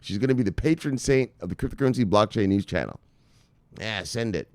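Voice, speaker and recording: A man's voice: on the low side, animated, brisk, no room sound. A man hosting a crypto news channel, talking in a playful, hyped, casual way with lots of laughter. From Miami Beach, Florida. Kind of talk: casual video commentary.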